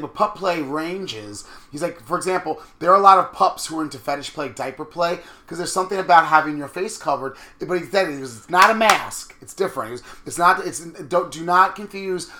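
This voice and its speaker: A man co-hosting a casual chat, telling animated stories and acting out what people said. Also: on the high side. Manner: animated, quick storytelling with quoted asides. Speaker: podcast co-host.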